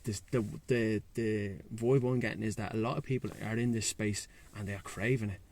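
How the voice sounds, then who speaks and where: A man's voice: lowish voice, steady tone, brisk, darkish tone. A man with a Dublin Irish accent talks as a guest in a casual chat, frank, slangy and swearing freely, outdoors by the sea. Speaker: guest, breathwork and sea-swim facilitator.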